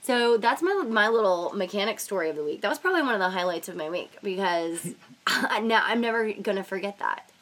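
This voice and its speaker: A woman's voice: mid-range voice, animated, a little fast, a bit bright. Scratchy-voiced young woman hosting a podcast. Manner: chatty storyteller, lots of "like" and "you know". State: scratchy voice from a sinus infection. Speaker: podcast host. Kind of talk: casual podcast chat.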